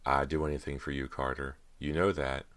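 A man's voice: a bass voice, little pitch movement, fairly quick, a bit bright. A man reading an earnest teenage boy. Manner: earnest, urgent. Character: loyal teenage boyfriend, anxious.

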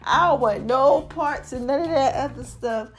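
Woman host, high-pitched, casual monologue, animated, laughs a lot, faint background music. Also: normal speed. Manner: chatty and animated, laughs often, calls listeners y'all and baby. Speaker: podcast host.

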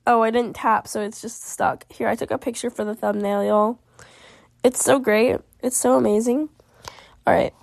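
Brief: high-voiced woman, animated game commentary, giggly, dry close-mic read. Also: creaky, no echo. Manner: chatty and animated, quick reactions, giggly. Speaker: gaming video creator. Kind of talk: casual game commentary, reading choices aloud.

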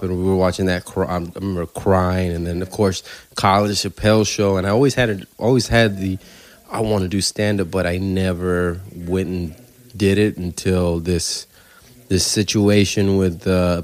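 A man, a stand-up comedian telling stories on a podcast in a casual, animated way, swearing freely. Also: deep voice. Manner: animated storyteller, swears freely, acts out quoted voices.

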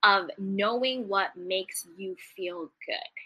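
A woman's voice: medium pitch, slow pace, sharp tone, husky. A woman giving a motivational self-help talk, speaking straight to her listeners in an encouraging tone and often repeating key phrases.

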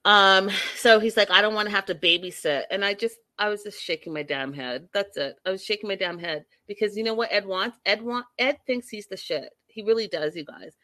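A woman's voice: medium pitch, brisk, hardly any pauses, no echo. Sassy woman recapping a reality show. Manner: sassy, animated, exasperated commentary addressing viewers. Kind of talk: casual live-stream recap.

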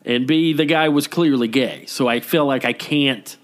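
A man co-hosting a casual podcast chat tells a story at a moderate pace into a podcast microphone. His delivery is lively and animated, acting out what people said with big pitch jumps.

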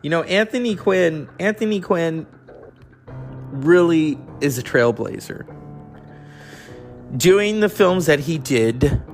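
A man's voice: mid-range voice, gravelly. A man hosting a casual, rambling, enthusiastic chat about classic films. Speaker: host.

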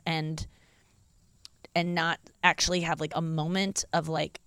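30-something podcast host, confessional and rambly, lots of likes and ums, middle-pitched smooth voice. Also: fairly bright tone, no room sound. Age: 30s. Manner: candid, confessional, rambling with fillers. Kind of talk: casual solo podcast monologue.

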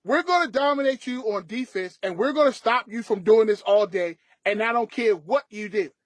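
Emphatic high-voiced male sports podcaster. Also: moderate pace, no room sound. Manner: emphatic, repetitive ranting. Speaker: podcast co-host. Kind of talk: casual sports talk.

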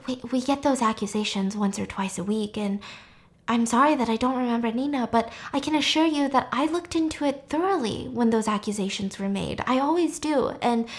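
A woman voicing a defensive middle-aged college dean who speaks in soft, evasive hedges. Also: on the high side, lightly acted. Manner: evasive, hedging, soft-spoken.

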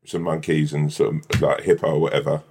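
A man's voice: rumbling low, little pitch movement, fairly quick, darkish tone, slightly rough. A man chatting casually on a podcast, rambling through silly made-up scenarios. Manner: rambling, builds silly hypotheticals. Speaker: podcast co-host. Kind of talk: casual banter.

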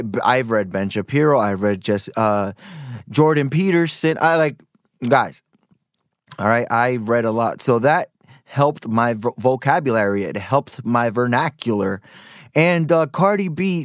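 A man's voice: mid-range voice, dry recording, clean studio sound. A man hosting a podcast, giving casual, rambling commentary full of fillers. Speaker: podcast host.

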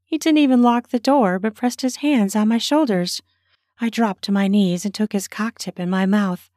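A woman narrating her own erotic story in a slow, intimate way, slipping into whispers. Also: medium pitch, a little mellow, dry recording, studio quality.

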